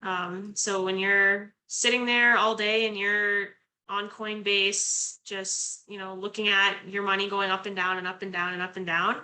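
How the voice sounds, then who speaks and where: Young woman co-host, casual and chatty, crisp bright voice, mid pitch. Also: flat delivery, measured pace, rough recording. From Canada. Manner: chatty, many fillers and restarts. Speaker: guest co-host. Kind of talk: casual talk-show chat.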